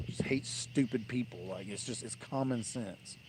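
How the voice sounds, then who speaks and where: A man's voice: mid-range voice, moderate pace, background noise. Blunt man ranting outdoors. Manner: blunt, rambling, dismissive. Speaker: fishing livestream host. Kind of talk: casual live-stream rant.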